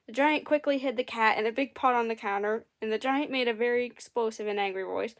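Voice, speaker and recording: A woman's voice: on the high side, fairly quick, few pauses. A woman reading a fairy tale aloud and adding dry, amused comments between passages. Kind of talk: comedic story reading with wry asides.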